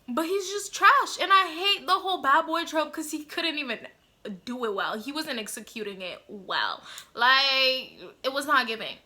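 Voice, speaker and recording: A young woman with a bright, piercing tone and a slightly high voice speaks in casual commentary. She is blunt and opinionated, leans on slang and fillers, and talks straight to her viewers. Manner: sassy, blunt and exaggerated, addresses viewers as y'all; lots of slang and fillers like "like" and "you know". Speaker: vlogger reviewing a TV show.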